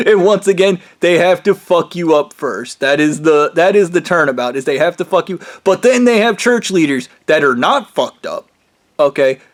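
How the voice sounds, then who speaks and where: A man on a heated, rambling rant who swears constantly and trails off mid-thought. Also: high-pitched. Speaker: vlogger. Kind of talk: profane angry rant.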